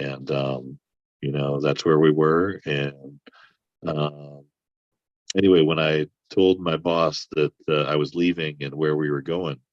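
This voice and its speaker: A man's voice: rumbling low, dry recording, lo-fi sound. A man telling a rambling, profane personal story in a casual chat. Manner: rambling, profane, animated when riled. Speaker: podcast guest.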